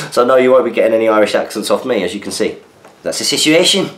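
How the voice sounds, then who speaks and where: Male podcast host, chatty and easygoing, deeper voice, answers listener mail, echoey room sound. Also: a little fast. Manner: chatty, reads listener messages aloud with asides. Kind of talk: casual chat. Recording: roomy echo.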